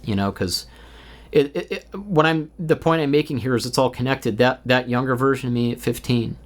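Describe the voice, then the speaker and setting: Speaking at normal speed in a mid-range voice, a thirty-something male vlogger records by himself indoors, rambling candidly off the cuff with frequent swearing and filler words.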